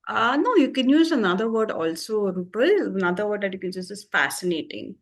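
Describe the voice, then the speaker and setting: A woman tutor patiently explaining English vocabulary with everyday examples, pausing often with fillers. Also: medium pitch, expressive.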